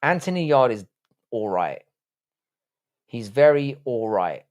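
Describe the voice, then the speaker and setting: A man's voice: medium pitch, sing-song, takes it slowly. A man hosting a casual live stream, reading chat aloud and answering in a blunt, profane way.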